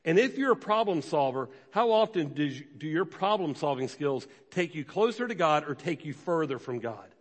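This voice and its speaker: A pastor preaching a sermon, animated and conversational, slipping into quick quoted voices for the people in the story. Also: male voice, on the high side. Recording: long hall reverb.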